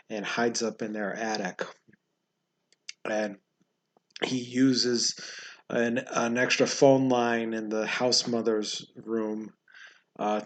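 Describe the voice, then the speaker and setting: A man hosting a casual movie review, talking in a halting, rambling way with many fillers and frequent chuckles. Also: medium pitch. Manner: chuckles often while talking.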